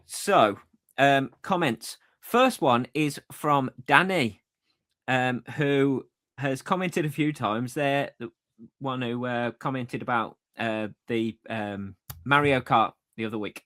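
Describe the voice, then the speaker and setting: A man's voice: mid-range voice, takes it slowly, a bit bright. A man co-hosting a podcast, chatting casually and reading out listener comments with easy laughs. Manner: chatty, laughs easily, many fillers. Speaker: podcast co-host.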